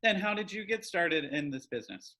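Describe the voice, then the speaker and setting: A man's voice: high voice, lively intonation, a little fast, bright, forceful tone. A man hosting a casual online interview show, upbeat and effusive, repeating his praise. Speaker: host.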